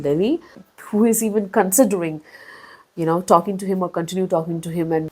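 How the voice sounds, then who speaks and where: A woman reviewing a book in a casual vlog, talking in a chatty, expressive way with big swings in pitch and loudness. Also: brisk, husky, low-quality recording. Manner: chatty, with frequent fillers and restarts.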